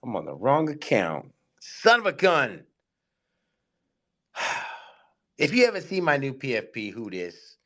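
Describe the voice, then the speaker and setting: A man hosting a casual live audio chat, hyped and excitable, giving slangy shout-outs to his listeners. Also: medium pitch, unhurried, long pauses. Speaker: host of an online audio space.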